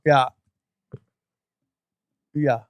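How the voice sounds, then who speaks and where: A man hosting a podcast, chatting casually in an excitable, crude, riffing way. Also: extremely slow, no echo. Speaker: podcast host. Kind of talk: casual chat.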